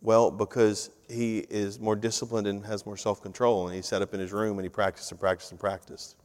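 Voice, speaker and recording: A middle-aged man, preaching a sermon in a conversational, animated storytelling way. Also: lowish voice, brisk. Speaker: pastor. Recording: long reverb of a large hall.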